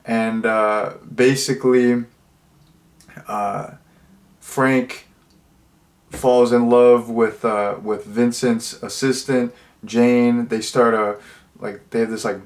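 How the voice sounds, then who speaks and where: A young man talking through a film review in a loose, casual way. He rambles, fills his speech with "uh" and "like", and often restarts a sentence before finishing it. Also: mid-range voice. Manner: rambling, many fillers and restarts. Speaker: movie reviewer. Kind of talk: casual spoken movie review.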